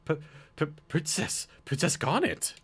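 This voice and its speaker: A man's voice: a little high, very animated, measured pace, fairly bright tone, husky, voice pushed up, full character voice. A man voicing a stiff, dutiful male knight who stammers when flustered.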